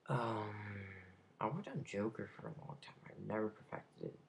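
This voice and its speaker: A man's voice: lowish voice, lively intonation, moderate pace, gravelly, background noise. A young man vlogging casually, rambling and hesitant with many fillers. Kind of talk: casual vlog.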